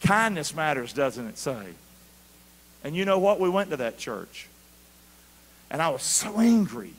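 Man, pastor preaching, high voice, bright tone, long hall reverb. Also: very animated, moderate pace, slightly rough. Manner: call-and-response preaching, shifting from quiet asides to loud shouts. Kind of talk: sermon.

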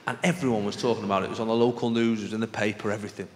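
Northern English stand-up comic in a theatre. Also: male voice, fairly low pitch, steady tone, very fast. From northern England. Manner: chatty, conversational, frequent "right?" asides. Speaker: stand-up comedian. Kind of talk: stand-up comedy routine. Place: theatre stage with live audience. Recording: roomy live theatre recording with audience noise.

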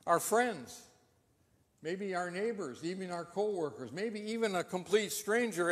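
Pastor guy preaching, kinda high voice, earnest questions, long church echo. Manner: earnest storytelling with rhetorical questions. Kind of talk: sermon. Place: church sanctuary. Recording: long reverb of a church hall.

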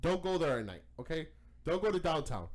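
A man hosting a podcast, telling a story in casual chat, animated and profane. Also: fairly high pitch, fairly quick. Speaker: podcast host.

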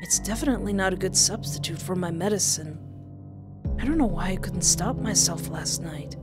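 A woman's voice: on the low side, moderate pace, voice pushed down, lightly acted. A woman reading the lines of a troubled young man who is withdrawn and guilt-ridden, in a subdued way. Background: game music.

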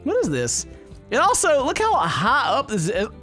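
A man's voice: very high-pitched, normal speed, faint music behind. A man giving comedic, sarcastic commentary while playing a game, laughing often. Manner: animated and jokey, laughing often, sarcastic asides. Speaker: let's play gamer.

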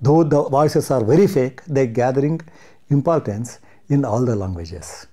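A man's voice: medium pitch, lively intonation, measured pace, mellow. A man with an Indian English accent, giving an impassioned monologue full of indignant rhetorical questions and hesitant restarts. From Karnataka, India. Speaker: commentator.

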